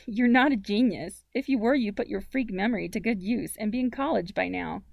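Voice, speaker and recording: A woman's voice: medium pitch, a little fast, creaky, no room sound, highs cut off. A woman voicing a sarcastic, wistful teenage girl in a storybook reading. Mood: wry.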